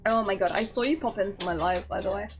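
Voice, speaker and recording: A woman streaming a game, chatting casually and reading dialogue aloud in a giggly, playful, excitable way. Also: mid-range voice, quick pace, soft background music.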